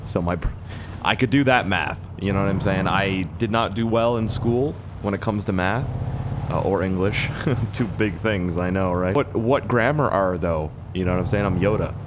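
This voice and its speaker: A young man commentating his gameplay, rambling and swearing, with sudden yelling bursts and a voice hoarse from screaming. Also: low-pitched, normal speed, noisy background. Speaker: gaming YouTuber. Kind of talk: casual let's-play commentary.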